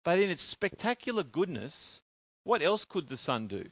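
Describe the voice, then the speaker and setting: Animated preacher with a dry, close sound. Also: male voice, fairly high pitch, moderate pace, no echo. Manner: animated, asks the congregation questions. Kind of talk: sermon.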